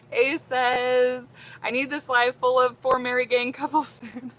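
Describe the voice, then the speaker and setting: A woman's voice: sits high, a bit bright, low-quality recording. A woman chatting casually on a home livestream, reading viewer comments aloud, giddy and laughing often. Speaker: vlogger reading live chat.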